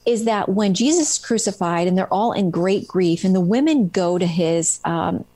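A woman's voice: on the low side, expressive, moderate pace, dark tone, no room sound. A middle-aged woman, a guest author in an interview, retells stories earnestly and with animation, with plenty of "um"s, in a dry-sounding recording. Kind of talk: conversational storytelling interview.

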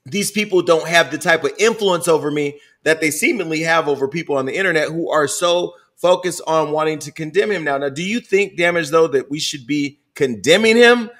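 A man's voice: on the high side, a little fast, few pauses, fairly bright tone. A middle-aged man hosting a podcast, talking bluntly and with plenty of swearing in candid casual chat. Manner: blunt, profane, storytelling. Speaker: podcast host.

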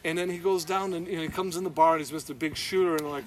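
A man with a high-ish voice talks fast as a guest, casually telling an anecdote from his days as a former club owner. He swears often and breaks into laughs, an animated storyteller. There's noisy background sound.

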